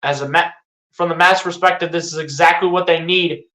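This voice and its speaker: Bright, excitable fan play-by-play caller. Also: mid-range voice, fairly quick, roomy sound, rough recording. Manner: excitable, rises into sarcastic rants and pleas. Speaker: live play-by-play streamer.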